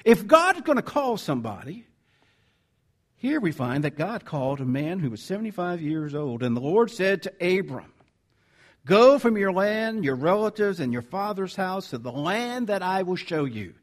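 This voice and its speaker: A man's voice: high voice, moderate pace. A man with a Southern American accent preaching a conversational sermon, reading scripture and correcting himself as he goes. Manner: animated, conversational, self-correcting. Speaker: pastor.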